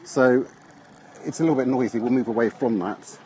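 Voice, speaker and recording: An English man chats to his live-stream audience as he walks a lakeside path. His voice sits in a middle pitch, and it comes through a phone held at arm's length. Faint traffic and park sounds drift in behind him. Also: a little fast, a little mellow, highs cut off. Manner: chatty, greets viewers, asks them to follow. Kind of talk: casual walking live stream. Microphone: phone camera while walking.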